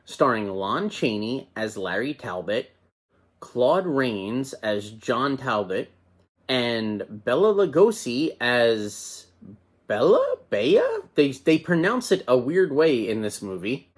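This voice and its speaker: A man hosts a casual movie review and talks in an enthusiastic, conversational way. His voice sits at an ordinary middle pitch. He comes across as chatty and eager. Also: sing-song, slow pace.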